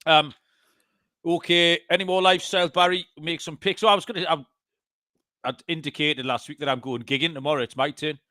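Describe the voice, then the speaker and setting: A man's voice: on the high side, steady tone, a little fast, pushed and bright, no echo, studio quality. A man co-hosting a betting podcast in casual chat, joking and swearing. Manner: swears, laughs often, jokey. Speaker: podcast co-host.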